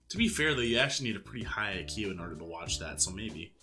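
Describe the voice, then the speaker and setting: Sarcastic, bright-voiced male commentator. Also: fairly low pitch, fast, few pauses, faint music behind. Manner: mocking, sarcastic, animated. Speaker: YouTube commentator.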